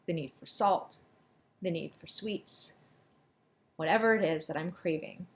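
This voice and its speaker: A woman coaching listeners through an EFT tapping session, giving quick, soothing directions and leading affirmations for them to repeat. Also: low voice, slight background noise. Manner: deliberately quick delivery.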